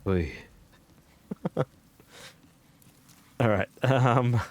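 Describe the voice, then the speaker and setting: A man live-streaming a video game, chatting with viewers, excitable, laughing and swearing often. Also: mid-range voice, drawn-out words.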